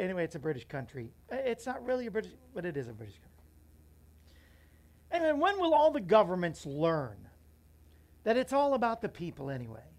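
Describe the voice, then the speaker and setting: A man's voice: high voice, darkish tone. Rambling chatty man hosting a morning show. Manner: rambling, chatty, talks to viewers. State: out of breath. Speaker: host. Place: small studio in a bookstore.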